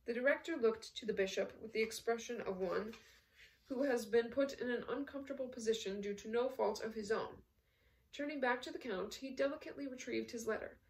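A woman reads a novel aloud in a steady storytelling manner, with the odd slip and restart. Her voice sits on the higher side and sounds set back from the microphone. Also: a little fast, far from the mic, poor audio. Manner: steady storytelling with small slips. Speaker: audiobook reader.

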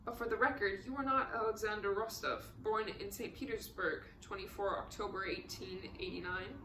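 A woman's voice: mid-range voice, steady tone, fairly quick, reverberant, noisy background, close to an everyday voice. A woman voicing a cold, probing male prosecutor who questions in a clipped manner. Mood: stern. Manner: clipped, interrogating.

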